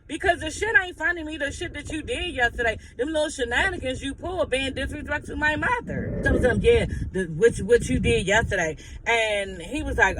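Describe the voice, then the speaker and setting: A man with a strikingly high voice dishes on reality TV drama, sassy and blunt, peppered with profanity and dramatic asides. The recording is noisy, with outdoor city sounds and vehicles clearly audible behind him. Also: expressive, fairly quick, few pauses, sharp tone. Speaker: reality TV recap commentator. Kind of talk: casual gossip recap commentary.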